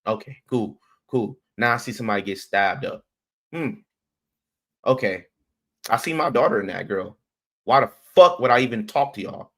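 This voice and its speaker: A man's voice: medium pitch, lively intonation, normal speed, pauses often, a bit bright. Emphatic man ranting on stream. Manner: emphatic, repeats words, restarts sentences; blunt and profane. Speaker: streamer commenting on clips. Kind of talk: heated commentary rant.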